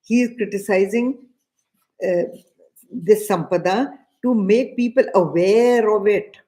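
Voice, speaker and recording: Slow verse chanting punctuates the deliberate spiritual discourse of this middle-aged scripture teacher, who speaks Indian-accented English and repeats her key phrases. Her tone is mellow, her pitch medium.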